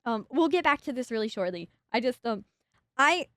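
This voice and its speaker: A young woman streaming a game as a VTuber, talking to her chat in a giddy, rambling rush that keeps stumbling over itself. Her voice sits high, and the close microphone leaves it dry, with no room sound around it. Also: lively intonation, moderate pace, fairly bright tone, dry recording.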